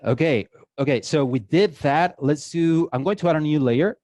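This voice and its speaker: A man's voice: fairly high pitch, normal speed, a little mellow, dry recording. A man with a Mexican accent giving a live drawing workshop to an audience, chatty and joking with many filler uhs. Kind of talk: casual live demo talk to an audience. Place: event hall with an audience.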